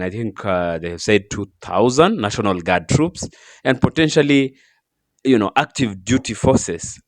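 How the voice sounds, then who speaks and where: A man hosting a commentary show, reading his points in a halting way with many fillers and restarts. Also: fairly low pitch, dry recording, studio quality. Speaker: commentary host. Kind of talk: scripted commentary.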